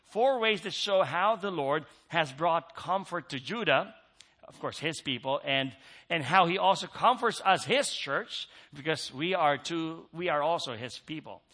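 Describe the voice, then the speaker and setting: A man's voice: fairly high pitch, expressive, unhurried, bright, forceful tone. A man preaching a sermon in an earnest way, repeating key phrases for emphasis.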